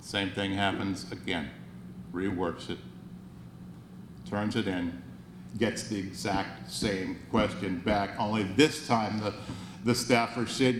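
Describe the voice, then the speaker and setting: A man's voice: on the low side, steady tone, slow, long pauses. A man in his sixties delivers an earnest, wry motivational speech in a roomy banquet hall. He often repeats and restarts words as he goes. A faint hum sits under his voice. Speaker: banquet speaker.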